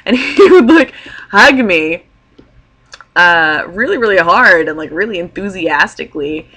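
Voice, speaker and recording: Low-voiced young woman, chatty vlog story. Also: animated, measured pace, a bit bright. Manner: chatty, peppered with "like" fillers. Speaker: vlogger. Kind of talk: casual storytelling to camera.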